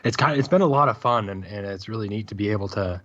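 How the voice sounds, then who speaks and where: A man's voice: lowish voice, fast, fairly bright tone, highs cut off. A man who voices characters in an audio drama, talking casually and a bit hesitantly about the work. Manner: easygoing, hesitant, repeats words. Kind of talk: casual interview chat.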